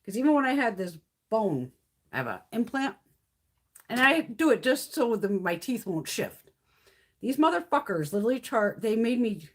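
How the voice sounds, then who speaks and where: A middle-aged woman hosting a beauty livestream, telling a heated story full of swearing and acting out her own replies. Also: medium pitch. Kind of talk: casual livestream chit-chat.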